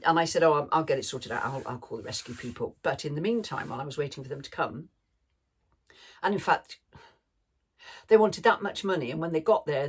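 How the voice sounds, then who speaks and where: A woman's voice: deep voice, husky. A woman vlogger telling a rambling story in a chatty way, laughing now and then. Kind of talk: casual storytelling chat.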